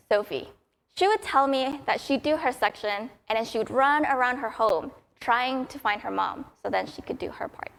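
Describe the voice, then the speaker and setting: Young woman, conference speaker, upbeat storyteller, slightly higher voice. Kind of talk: prepared conference talk.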